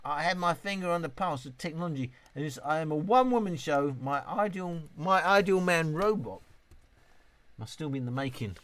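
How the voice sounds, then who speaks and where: British bloke, late fifties, fairly high voice, rambling tipsy live-stream chatter, swears a lot. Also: male voice, animated, normal speed, a bit bright, no echo. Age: 50s. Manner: chatty, rambling, swears freely, reads chat aloud. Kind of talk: casual live-stream chat reading comments.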